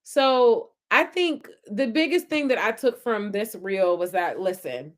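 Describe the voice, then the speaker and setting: A woman's voice: mid-range voice, a little slow. A young adult woman, hosting a casual live-stream chat and cheering on commenters as she reads them. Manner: animated, affirming, hypes up commenters. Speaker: podcast host reading live chat.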